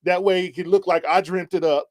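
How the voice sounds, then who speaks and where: A man's voice: high-pitched, steady tone, fairly quick. A man co-hosting a casual talk show, joking and laid-back, speaking slangy African American English. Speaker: co-host. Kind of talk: casual podcast chat.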